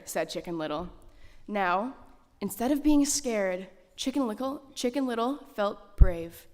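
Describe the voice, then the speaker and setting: A woman reading a children's story aloud in a school chapel, animated and expressive. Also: medium pitch, measured pace. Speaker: story reader. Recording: reverberant chapel.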